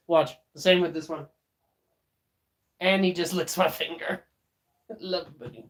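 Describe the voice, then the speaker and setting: A man's voice: a little high, fairly even intonation, measured pace, pauses often. A man streaming live, chatting casually with viewers, laughing often and talking to his dog.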